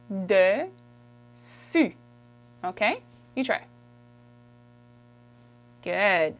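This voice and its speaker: A woman from Quebec teaching French, who says each word slowly and repeats it for the learner. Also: medium pitch. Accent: Québécois French. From Quebec, Canada. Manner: patient, drills words slowly and repeats them. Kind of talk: video language lesson.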